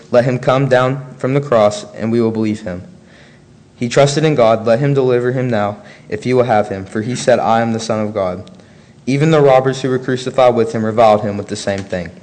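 A man preaching a sermon, reading scripture aloud in a measured, earnest way between his own remarks. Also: mid-range voice, a little mellow.

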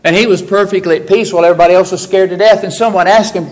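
A man's voice: quick pace, few pauses, poor audio. A man preaching a sermon, acting out the words of biblical figures as he teaches from scripture. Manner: expressive preaching, voicing biblical speakers with rises in pitch. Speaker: pastor.

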